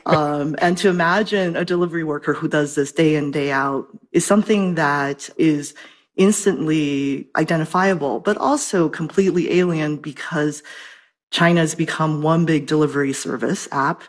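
A woman's voice: low voice, normal speed. A woman professor and translator speaking as an expert guest, articulate and explanatory, heard over a remote connection. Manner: articulate, lecturing. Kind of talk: expert interview.

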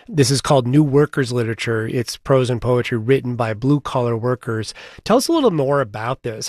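Guy hosting a news interview, calm and curious, dry close sound. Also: medium pitch, no echo. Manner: measured, inquisitive. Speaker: radio interviewer.

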